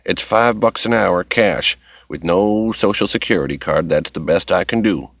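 A man's voice: sits low, moderate pace, no room sound. A man reading a blunt, matter-of-fact middle-aged slaughterhouse supervisor. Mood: brusque. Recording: dull lo-fi recording.

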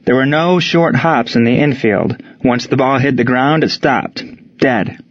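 A man reads a story aloud in scripted narration, steady and measured from line to line. His voice sits at an ordinary middle pitch. The recording is slightly dull and lo-fi. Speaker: audiobook narrator.

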